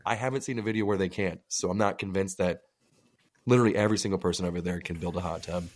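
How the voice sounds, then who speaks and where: Lowish-voiced man telling crude stories. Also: fast talker. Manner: animated storytelling with acted-out quotes; crude joking. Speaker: podcast co-host. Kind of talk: casual chat.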